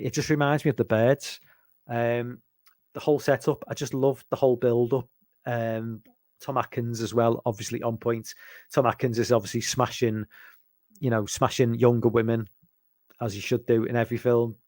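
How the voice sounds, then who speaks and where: A man's voice: mid-range voice, level tone, normal speed, long pauses, a little mellow, no echo. A man from England chatting casually about horror films, rambling and hesitant, with lots of ums and restarts. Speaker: podcast host.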